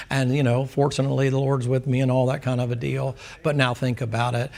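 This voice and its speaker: A man's voice: mid-range voice, a little mellow. A man preaching a Sunday school sermon in a folksy storytelling way, often asking the class questions.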